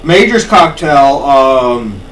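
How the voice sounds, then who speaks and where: A man co-hosting a podcast, telling a story in casual chat, animated and swearing often. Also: mid-range voice, takes it slowly. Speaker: podcast co-host. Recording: distant mic with faint noise.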